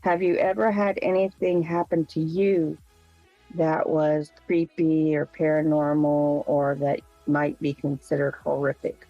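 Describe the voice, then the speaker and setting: A podcast co-host asking an interview question gently and carefully. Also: mid-range voice, level tone, measured pace, dry recording. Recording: dull, dry sound with faint music.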